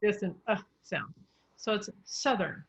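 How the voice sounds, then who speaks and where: A woman's voice: medium pitch, animated, unhurried, muffled recording. A woman speech coach explaining English pronunciation in an encouraging, patient way. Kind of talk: coaching session.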